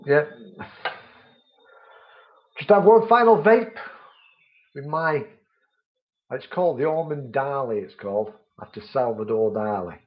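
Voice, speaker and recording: A man's voice: medium pitch, a little slow, long pauses, lo-fi sound. A man hosts a vaping channel live stream, chatting with viewers and reading their comments out in a friendly way.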